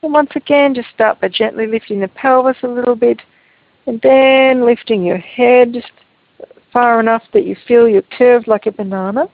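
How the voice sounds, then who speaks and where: A woman teaching a Feldenkrais movement lesson over a video call, giving calm, gentle, unhurried instructions. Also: on the high side, no room sound. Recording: tinny, phone-like call audio, dry.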